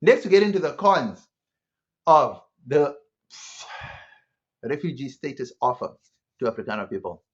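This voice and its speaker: A man's voice: medium pitch, sing-song, unhurried, long pauses, highs cut off. A man giving a sarcastic opinion commentary monologue, full of rhetorical questions. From South Africa. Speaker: online commentator.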